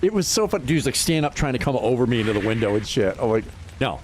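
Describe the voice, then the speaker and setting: Animated swearing New guy. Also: medium pitch, fast talker, a little hiss or hum. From New Hampshire. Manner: animated storytelling, swears freely, laughs often. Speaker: livestreamer. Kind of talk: casual chat while gaming.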